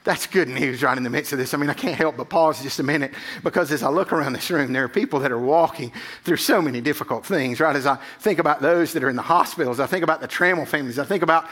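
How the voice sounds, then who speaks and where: A man's voice: on the high side, fast talker, a bit bright. A middle-aged male pastor giving a sermon in a casual, conversational way, often checking in with 'right?'.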